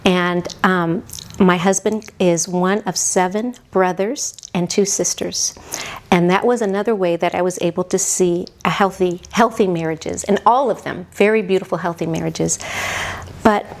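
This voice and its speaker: Woman in her 60s, lowish voice, soft-spoken, halting, heartfelt, reflective storytelling. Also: fairly even intonation. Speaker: podcast guest, mother of the hosts.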